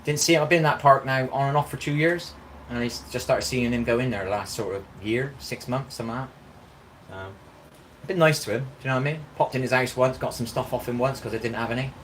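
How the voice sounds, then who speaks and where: A man's voice: mid-range voice, fast talker, a bit bright, slight background noise. A man talking in a rambling, casual live-stream monologue, constantly asking "do you know what I mean". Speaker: vlogger. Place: outdoors in a park.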